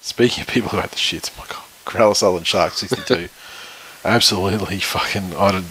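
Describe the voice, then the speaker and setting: A man's voice: low-pitched, brisk, sharp tone, slight background noise. A man in his thirties, co-hosting a casual sports podcast, rambling and swearing freely. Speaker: podcast co-host.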